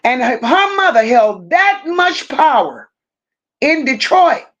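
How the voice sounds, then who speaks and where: A woman with a high, very animated, slightly bright voice hosts a live stream, heard through lo-fi sound. She reads viewers' comments aloud and replies, talking slowly, repeating phrases to stress them, and treating her audience like close friends.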